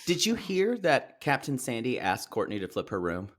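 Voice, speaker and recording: A man's voice: medium pitch, wildly swooping pitch, normal speed, fairly bright tone. A man co-hosting a podcast, recapping a reality show with bawdy, giggly banter. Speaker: podcast co-host. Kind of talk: casual recap chat.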